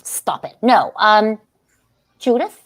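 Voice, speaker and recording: A woman's voice: mid-range voice, lively intonation, slow. A woman giving a staged play reading as a scatterbrained, grandly theatrical aging stage actress who giggles often.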